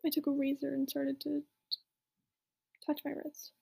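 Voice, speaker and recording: A young woman reading a story aloud in a soft, mocking whisper with asides, as whispered role-play. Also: high-pitched, monotone, a little slow, vocal fry. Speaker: reader.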